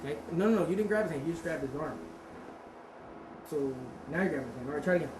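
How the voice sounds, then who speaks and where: A woman's voice: low voice, very fast. Woman teaching in an echoey hall. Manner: conversational, quizzes the class, self-correcting. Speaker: martial arts instructor. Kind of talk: hands-on seminar teaching. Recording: roomy echo with steady background noise.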